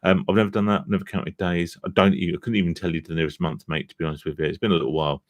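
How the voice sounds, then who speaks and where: A man's voice: deep voice, level tone, very fast, no room sound. A man hosting a casual live stream about gambling recovery, chatty and self-deprecating, tired after a long day, swearing casually as he reads viewer comments.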